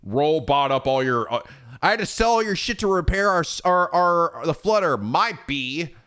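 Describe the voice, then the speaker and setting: A young man streaming, chatting in an animated, profane way and laughing often. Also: fairly high pitch, normal speed, clean tone. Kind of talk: casual gaming chat.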